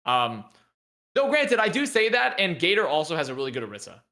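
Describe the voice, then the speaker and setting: Excitable bright-voiced man. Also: fairly high pitch. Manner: excitable, joking, quick to argue. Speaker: podcast co-host and esports caster. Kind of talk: casual esports podcast chat.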